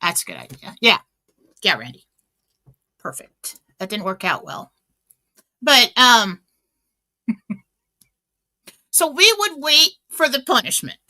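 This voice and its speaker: A woman's voice: a little high, huge pitch swings, takes it slowly, pauses often, pushed and bright. A middle-aged woman hosting a radio talk show, telling stories in a chatty way, full of fillers and restarts. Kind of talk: casual inspirational talk.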